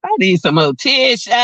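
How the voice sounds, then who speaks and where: Brief Laughing, chatty woman host, slow talker. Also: medium pitch, bright, forceful tone, dry recording, dull audio. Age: about 40. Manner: laughs often, chatty and joking. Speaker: vlog host. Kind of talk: casual livestream chat. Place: outdoors by a car on a cold windy day.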